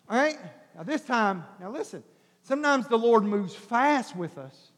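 A man pastor preaching an animated sermon, swinging between shouts and soft coaxing as he acts out voices. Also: very high-pitched, a little fast. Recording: long hall reverb.

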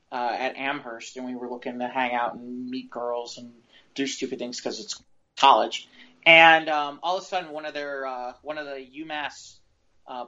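A man's voice: medium pitch, sharp tone, muffled recording. A man co-hosting a casual talk show, telling a long, rambling story. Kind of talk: casual podcast chat.

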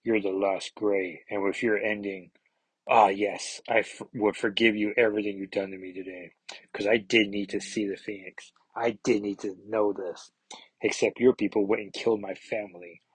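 A man's voice: fairly low pitch, steady tone, moderate pace, slightly rough, dry recording, pitched below the performer's own voice, poor audio. A man reading aloud the lines of a vengeful alien warrior king from a comic. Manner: plain read-aloud delivery.

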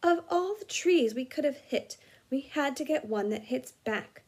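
A woman's voice: lively intonation, measured pace. A woman doing a panicky teen wizard boy. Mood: miserable. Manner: high, loud, shaky outbursts.

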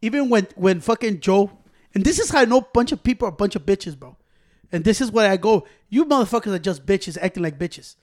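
Podcast co-host, man, high voice with big swings, rowdy and profane. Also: fast. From Mexico. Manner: loud, animated, mixes in Spanish slang. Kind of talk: casual profane chat.

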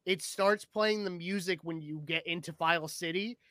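Excitable high-voiced bright man. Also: normal speed, no echo. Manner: excitable, swears freely, acts out his own reactions. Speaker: podcast co-host. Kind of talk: casual chat.

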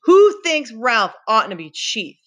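A woman's voice: on the high side, sing-song, takes it slowly, voice pushed up, heavily acted. Jack, a woman doing a scornful boy hunter. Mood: menacing. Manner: accusing, forceful declarations. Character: aggressive boy hunter chief, proud and scornful.

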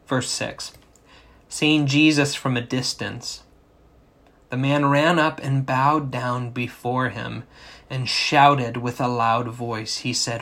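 Slow-spoken man preaching. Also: medium pitch, little pitch movement, a bit bright. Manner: slow, explanatory, asks rhetorical questions. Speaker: pastor. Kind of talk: sermon.

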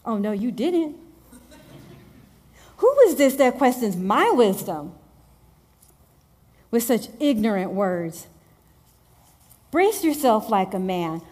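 Woman playing God, stern male voice, sassy, demanding, rapid questions, slightly high. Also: expressive, a little mellow.

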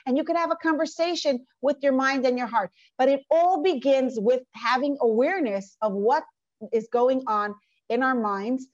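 A woman's voice: sits high, moderate pace, no echo, lo-fi sound. A woman teaching a class from a workbook, earnest and conversational, with lots of rhetorical questions. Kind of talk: lecture from a workbook.

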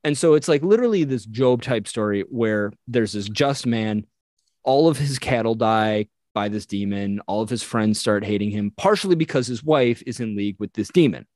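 A man casually retelling a medieval legend on a podcast, animated and acting out the characters he quotes. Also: lowish voice, normal speed, no echo. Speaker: podcast co-host. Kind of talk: casual storytelling chat.

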